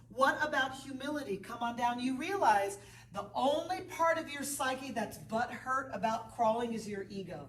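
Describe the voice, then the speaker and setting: Woman yoga teacher, counting and coaching, a bit high-pitched, distant from the mic in an echoey studio. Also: lively intonation, moderate pace. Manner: counts out breaths and moves, then encouraging asides. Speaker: yoga instructor. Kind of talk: guided yoga class instruction.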